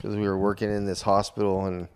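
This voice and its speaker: A man's voice: lowish voice, level tone, quick pace, a little mellow, smooth. A young man co-hosting a podcast, chatting in a laid-back, profane, jokey way about his old job. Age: young adult. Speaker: podcast co-host. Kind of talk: casual chat.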